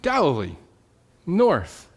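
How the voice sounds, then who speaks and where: A man's voice: a little high, huge pitch swings, slow, slightly rough. A man preaching a sermon as pastor, telling the story with animation, repeating words and checking in with "right?". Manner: repeats words and restarts mid-phrase.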